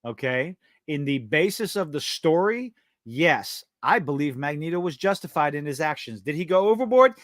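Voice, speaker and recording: A man's voice: fairly high pitch, big pitch swings, moderate pace, fairly bright tone, no echo. Blunt, ranting man on a livestream. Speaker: podcast co-host. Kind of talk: casual livestream chat.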